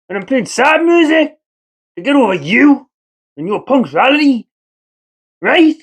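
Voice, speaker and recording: A man's voice: very high-pitched, a bit bright, slightly rough. A Geordie man from North East England, a builder vlogger giving a jokey, mock-dramatic monologue to camera, teasing and swearing casually.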